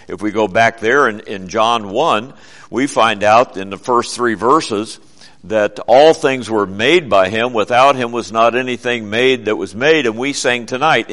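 A man delivers a sermon in a mid-range voice. He teaches earnestly, slowing down and leaning hard on the words he wants to stress. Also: medium pitch, fairly bright tone. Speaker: preacher.

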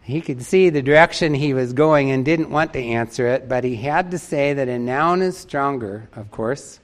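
A man's voice: mid-range voice, normal speed. A man preaching a sermon in an emphatic way, repeating key phrases for stress and reading out a story.

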